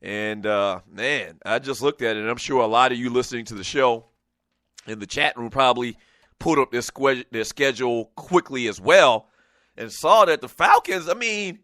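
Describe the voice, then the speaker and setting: A man from Lowcountry South Carolina hosting a radio show, rambling through a chatty, laugh-filled monologue. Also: normal speed, a bit bright, dry recording, clean studio sound. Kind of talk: casual talk radio monologue.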